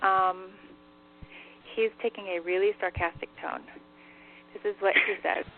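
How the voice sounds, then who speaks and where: On a call-in radio show, a woman working as a psychic medium passes along spirit messages in a chatty style, laughing easily and saying "like" a lot. Her mid-range voice is unhurried, with fairly even intonation. The phone line sounds tinny, with a faint hiss.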